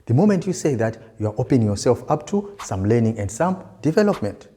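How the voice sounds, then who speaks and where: A man's voice: mid-range voice, very animated, quick pace, warm tone. A male sales trainer giving a motivational lesson, stressing and repeating key words for emphasis. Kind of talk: motivational teaching talk.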